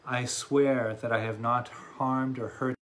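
A man voicing the Buddha as a calm, wise male teacher in a spoken dharma story, speaking in a gentle, questioning way. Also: mid-range voice, measured pace, natural voice.

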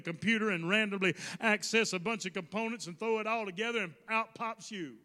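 A man preaches in a very high, piercingly bright voice, repeating key lines and calling on the room to say them back. His words ring out into the long reverb of a hall, and now and then he lifts into a shout. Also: fairly quick. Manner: repetitive call-and-response preaching, rising to shouts. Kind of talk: sermon.

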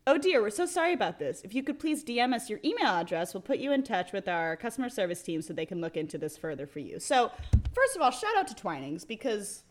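A woman co-hosting a podcast in casual chat, animated and giggly, reading messages aloud with playful emphasis. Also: medium pitch, fast talker. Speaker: podcast co-host.

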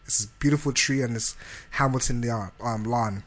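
A young man from Canada telling a profane, animated story in casual chat, acting out the dialogue. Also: medium pitch, normal speed.

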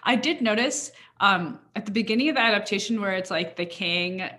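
A woman's voice: medium pitch, a little fast, pushed and bright, a little hiss or hum. A young woman in casual chat as a podcast co-host, talking with many fillers and frequent laughs.

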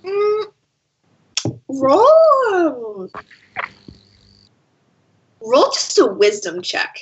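A woman narrating a tabletop game as game master, slow and hesitant with many pauses, short on sleep. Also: high voice, huge pitch swings, slight background noise. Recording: dull lo-fi sound.

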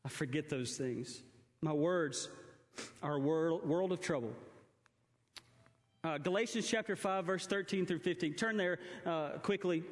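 A man's voice: on the high side, a little slow, pauses often, long reverb tail. A young man preaching a sermon to a congregation, telling stories and acting out his daughter's and his own words. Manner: storytelling, mimics his baby daughter and himself. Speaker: pastor.

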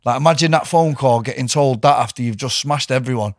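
A man's voice: medium pitch, fairly quick, no echo. Man, podcast host, laid-back, swears, dry close recording. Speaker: podcast host and former fighter. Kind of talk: casual podcast chat.

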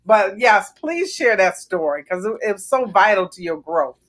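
A woman's voice: medium pitch, lively intonation, moderate pace. A woman hosting a podcast interview over a video call, encouraging her guest with frequent "um"s. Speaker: podcast host. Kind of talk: casual interview chat.

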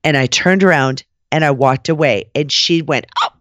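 A woman's voice: deep voice, normal speed, no room sound, clean studio sound. Foul-mouthed woman telling a backstage story. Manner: profane, animated, acts out quoted voices. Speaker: podcast host. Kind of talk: casual storytelling chat.

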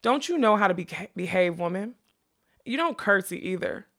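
An earnest, proud young magician with a stiff, insistent way of speaking, as a woman reading an audiobook voices him. The voice stays mid-pitched, with a gravelly edge. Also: animated, moderate pace, fairly bright tone. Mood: stern.

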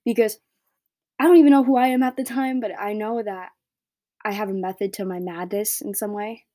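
Teen girl ranting on her podcast, blunt, says like a lot, mellow dry sound. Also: mid-range voice, steady tone, brisk, no room sound. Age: teens. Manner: blunt, rambling, heavy filler words. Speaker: podcast host. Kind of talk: solo opinion rant.

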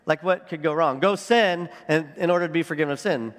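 A pastor gives his sermon in a loose, conversational way, thinking out loud and padding his points with fillers. His voice sits high for a man. The sound carries a long reverb, as if from a church hall. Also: fairly quick.

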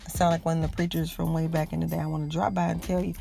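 A woman's voice: lowish voice, little pitch movement, fast talker, gravelly, dark tone, soft background music. A woman hosting a podcast, giving an encouraging faith talk in a preachy, repetitive way that speaks straight to listeners. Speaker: podcast host.

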